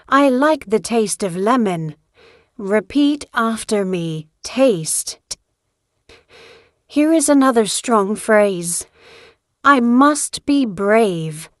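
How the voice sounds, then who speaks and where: A woman giving a scripted English lesson, reading out clear example sentences and prompting the listener to repeat after her. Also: a little high, no echo, clean studio sound. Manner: clear, deliberate, model-sentence delivery. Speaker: English teacher. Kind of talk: slow scripted language lesson.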